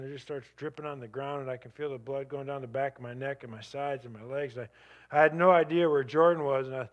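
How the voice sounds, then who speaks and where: A man with a slightly high voice speaks as a guest at a church. He tells a dramatic personal story with vivid energy. His voice surges up and then sinks low and quiet. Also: fast. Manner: vivid, animated retelling with sudden drops to a hush.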